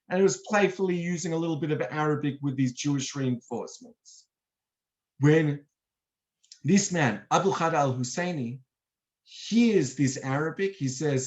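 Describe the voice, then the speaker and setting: A man guiding an online history lecture, telling events as a lively story and acting out the quotes. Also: a little high. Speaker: tour guide and lecturer. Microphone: online video talk.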